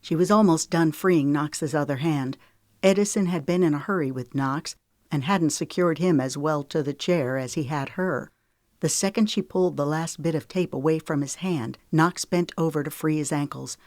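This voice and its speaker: A woman reading a novel aloud in a calm, measured way. Her voice is low and dark. The recording is dry and close-miked, with no room sound. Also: no echo. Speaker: audiobook narrator. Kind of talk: scripted audiobook narration.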